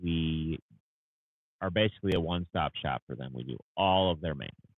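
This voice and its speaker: Man, very deep voice, tired, rambling livestream chat, tinny dry phone-like sound. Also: brisk, no echo. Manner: rambling, tired, with many fillers and restarts. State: tired, yawning. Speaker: landscaping business owner hosting a livestream. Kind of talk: casual livestream Q&A.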